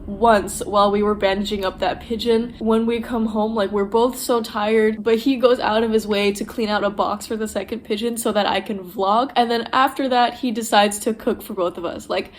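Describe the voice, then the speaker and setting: A woman's voice: mid-range voice, steady tone, moderate pace, few pauses, slight background noise. A young woman talking candidly and emotionally to her camera in a casual vlog, swearing freely as she sits on the floor at home. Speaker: vlogger.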